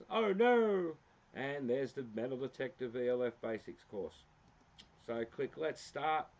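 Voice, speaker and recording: An Australian man in an easygoing, rambling livestream, stopping often for ums and little jokes at his own expense. His voice sits at an ordinary middle pitch. The sound is a bit muffled and lo-fi, as if from a basic desk mic. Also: a little mellow. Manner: rambling, filler-heavy, self-deprecating. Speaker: livestream host. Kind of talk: casual livestream walkthrough. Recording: slightly dull lo-fi sound.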